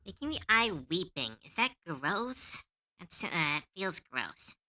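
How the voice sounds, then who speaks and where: Giggly woman with a very bright voice. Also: lowish voice, sing-song, slow. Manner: giggly, musing aloud, playful. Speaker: streamer. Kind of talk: casual live-stream chat while drawing.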